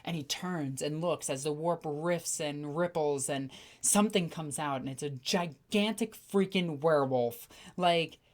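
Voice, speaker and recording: Excitable woman chatting on a livestream. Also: low voice, a little slow, hardly any pauses. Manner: excitable, animated storytelling with acted-out voices. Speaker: streamer. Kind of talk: casual livestream chat.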